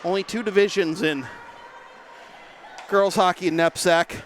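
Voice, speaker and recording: A man's voice: sits high, a little hiss or hum. A man calling a hockey game play-by-play from a rink press box, a bit out of breath at the start. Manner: quick, energetic play-by-play delivery. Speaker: play-by-play commentator. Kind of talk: live sports commentary.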